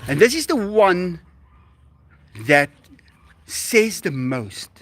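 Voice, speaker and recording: Animated South African man, lively high voice. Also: drawn-out words. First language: Afrikaans. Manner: animated, chatty, addresses viewers as guys. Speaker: livestream host. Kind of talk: casual livestream chat.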